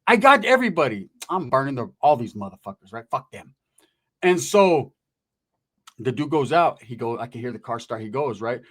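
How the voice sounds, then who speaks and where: A man telling a story in a lively, profane way, full of street slang. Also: medium pitch, moderate pace. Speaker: storyteller guest. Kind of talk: casual storytelling.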